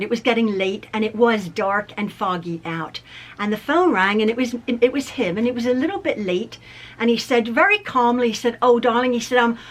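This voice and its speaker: A woman's voice: fairly high pitch, a bit bright. Chatty woman vlogger telling a story. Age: middle-aged. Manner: chatty, laughs at herself, many ums and restarts. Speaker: quilting vlogger. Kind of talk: casual storytelling to camera.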